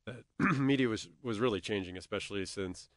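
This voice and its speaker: Low, brisk-talking studio owner, guest on a radio chat, dry mic. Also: male voice, dry recording. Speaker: studio co-owner and video producer. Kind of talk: casual radio interview.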